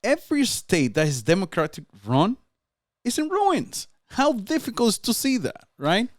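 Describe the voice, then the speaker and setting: A man's voice: high-pitched, huge pitch swings, normal speed, no echo, studio quality. A man with a Dominican Spanish accent, a Spanish speaker, talking politics as a guest in a casual chat in a fervent, urging way. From Dominican Republic. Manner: fervent, urging, tags lines with "right?".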